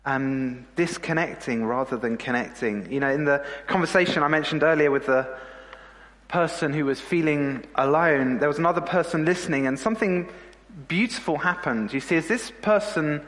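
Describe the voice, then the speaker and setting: A man's voice: fairly high pitch, moderate pace, a bit bright, in a large hall. A middle-aged male pastor preaching an earnest, heartfelt sermon, sometimes repeating words when moved.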